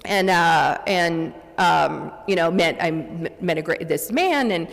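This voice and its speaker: A middle-aged woman speaks from a podium in a big meeting hall, her rather low voice trailing into a long reverb. She tells her recovery story earnestly, stumbling through restarts and acting out the dialogue as she goes. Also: lively intonation, slow pace, creaky. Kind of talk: personal recovery story told to an audience.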